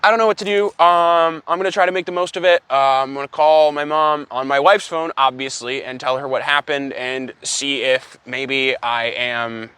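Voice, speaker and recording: A young man telling an absurd story as an exasperated, profane, deadpan comedy rant. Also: medium pitch, moderate pace, few pauses, smooth, no room sound. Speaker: comedic vlogger.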